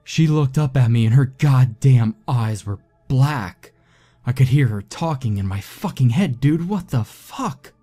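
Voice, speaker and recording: A man voicing a terrified young man who gasps and shouts frantically after a fright. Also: very animated, extremely slow, long pauses, husky, soft background music, heavily acted. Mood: panicked. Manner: gasping, frantic, high strained shouting.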